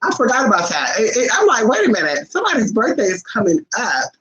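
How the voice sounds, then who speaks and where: A woman's voice: on the high side, huge pitch swings, fast, over a noisy crowd. A woman host chatting casually and playfully with her viewers, often calling them honey. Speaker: channel host. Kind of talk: casual live chat with viewers. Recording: dull lo-fi recording.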